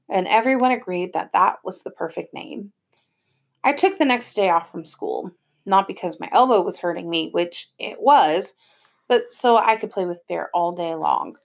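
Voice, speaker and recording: A woman's voice: mid-range voice, gravelly. A woman narrating an audiobook in plain first-person storytelling. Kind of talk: scripted narration.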